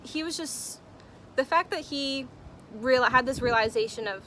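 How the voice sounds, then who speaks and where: A woman's voice: sits high, unhurried, pushed and bright, slight background noise. A young woman telling a personal story to her camera in a chatty, emotional way, with lots of fillers. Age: young adult. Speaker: vlogger. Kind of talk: casual story-time vlog.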